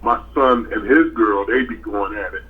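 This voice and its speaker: A man's voice: lowish voice, normal speed. An older man with a grandson, co-hosting a podcast in folksy, plainspoken casual chat. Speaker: podcast co-host. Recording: tinny phone-like line.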